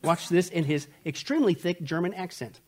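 High-voiced sarcastic male preacher. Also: animated. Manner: emphatic, sarcastic, rapid asides. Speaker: Bible prophecy teacher. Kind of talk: sermon-style Bible study lecture.

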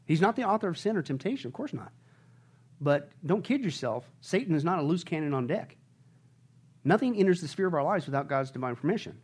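A man preaching a sermon as pastor, asking the congregation questions and shouting with joy at high points. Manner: animated preaching, shouting and laughing at peaks.

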